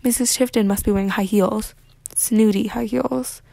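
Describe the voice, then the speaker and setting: A woman reading a children's novel aloud with lively, expressive narration. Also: mid-range voice, moderate pace, gravelly, dry recording. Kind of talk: read-aloud storybook narration.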